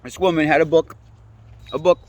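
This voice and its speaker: A man's voice: a little high, moderate pace, no room sound. A man, ranting casually, rambling and swearing often. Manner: profane, rambling, animated, laughs often. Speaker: interviewee. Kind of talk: casual rant.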